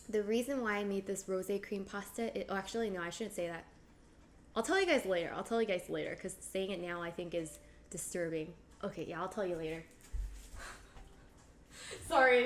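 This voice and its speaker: A woman's voice: mid-range voice, a little hiss or hum. A woman chatting casually through a cooking livestream, playful and bubbly as she talks to her viewers. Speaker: streamer.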